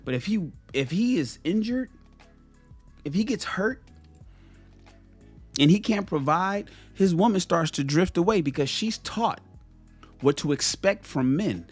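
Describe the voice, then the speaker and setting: A man's voice: sits high, expressive, unhurried, pauses often, husky, soft background music. A man, a motivational vlogger, telling a story in a casual monologue, often repeating and restarting his phrases. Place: home in Los Angeles.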